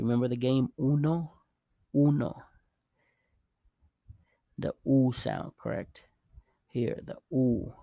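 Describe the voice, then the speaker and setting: Slow gravelly man teaching vowels. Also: mid-range voice, no room sound, lo-fi sound. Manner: patient, encouraging, repeats words slowly. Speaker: Spanish teacher. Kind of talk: casual spoken lesson.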